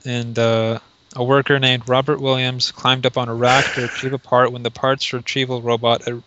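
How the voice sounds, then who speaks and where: A man co-hosting a casual podcast talk, his voice level and flat in pitch. He stops and restarts as he reads things aloud. The sound is dull and lo-fi. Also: background noise. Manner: reads search results aloud, halting. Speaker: podcast co-host. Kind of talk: casual chat.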